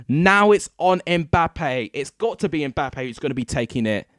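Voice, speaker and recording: Excitable male watchalong host, slightly high, smooth voice, dry close mic, live play-by-play. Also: a little slow, few pauses, dry recording. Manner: excitable, erupting into shouts at goals. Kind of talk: live match commentary. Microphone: desk microphone.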